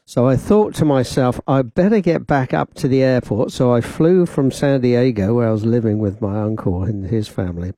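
A man's voice: medium pitch, dark tone, dry recording. A man presenting a radio show from the studio, telling a rambling personal anecdote in a chatty way. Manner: chatty, rambling anecdotes with laughs and quoted voices. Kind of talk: casual radio storytelling. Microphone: studio microphone with headphones.

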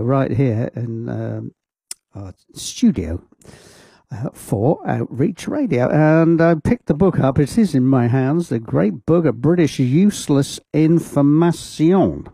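A man's voice: mid-range voice, creaky, warm tone, slightly rough, dry recording. A man presenting a radio show from a studio, chatting casually with rambling asides over a studio microphone.

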